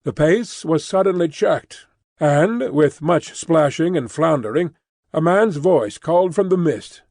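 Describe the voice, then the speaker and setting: A man narrating a classic novel in an expressive storytelling reading. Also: a little high, unhurried, dry recording. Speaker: audiobook narrator. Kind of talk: scripted narration. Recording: dry close studio recording.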